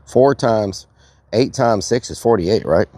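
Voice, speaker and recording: Very deep-voiced man musing aloud. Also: expressive, slow pace, warm tone. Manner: mutters to himself while working out sums aloud. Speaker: livestream host. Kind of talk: casual live-stream talk.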